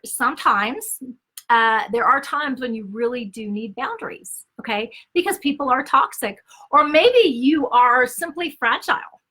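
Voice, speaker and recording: Bright, emphatic woman teaching on relationships. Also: high-pitched. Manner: emphatic, conversational, frequent "okay?" and "right?" check-ins; acts out quoted dialogue with shifts in tone. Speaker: Christian speaker and author.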